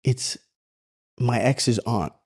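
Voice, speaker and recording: A man's voice: mid-range voice, extremely slow, darkish tone, slightly rough. A man in his thirties co-hosting a podcast, telling stories in casual, profane chat. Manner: profane, storytelling. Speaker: podcast co-host.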